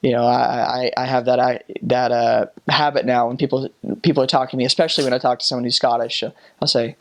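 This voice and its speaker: An American man telling casual stories about his time abroad, talking haltingly with many restarts and fillers. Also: mid-range voice, level tone. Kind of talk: casual storytelling.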